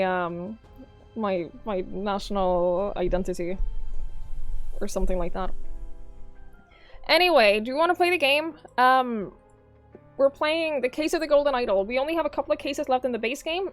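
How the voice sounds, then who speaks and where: A young Norwegian woman with a Norwegian accent in English, chatting casually with her live-stream viewers and reading their messages aloud. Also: fairly high pitch. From Norway. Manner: chatty, musing aloud, swears casually, reads chat aloud. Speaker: game streamer.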